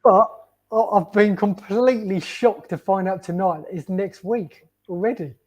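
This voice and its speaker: A man's voice: sits high, moderate pace, a little mellow. A man in a casual chat who stammers and repeats words. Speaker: co-host.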